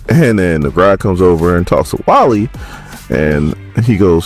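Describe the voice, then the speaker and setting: A man casually recapping a comic book, quoting the characters in quick little voices as he goes. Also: sits low, sing-song, soft background music.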